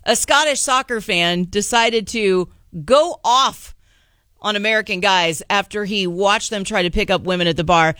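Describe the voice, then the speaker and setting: Bright-voiced chatty talk show host. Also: mid-range voice, normal speed, smooth, no room sound, clean studio sound. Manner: chatty, introduces clips. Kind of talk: casual talk show banter.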